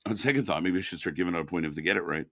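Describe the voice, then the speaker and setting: A man's voice: deep voice, very fast, creaky, a bit bright, no echo, clean studio sound. A man co-hosting a casual live wrestling stream, agreeing with his partner and explaining the chat points contest. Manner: agreeable, backs up co-host with short replies, runs chat points contest. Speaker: co-host of a live wrestling watch-along stream.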